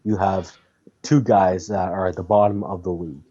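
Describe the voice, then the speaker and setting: A man co-hosting a podcast, chatting about hockey in a casual way, thinking aloud and getting animated. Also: deep voice, moderate pace. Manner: thinks aloud with fillers and restarts, then gets animated. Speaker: podcast co-host. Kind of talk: casual sports chat. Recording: dull lo-fi audio.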